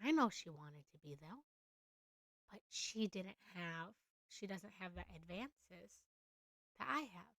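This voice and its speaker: Slow, gravelly-voiced woman coaching earnestly. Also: fairly low pitch, lively intonation, a bit bright, dry recording. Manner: earnest, repetitive, affirming. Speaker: spiritual coach. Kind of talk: live coaching session.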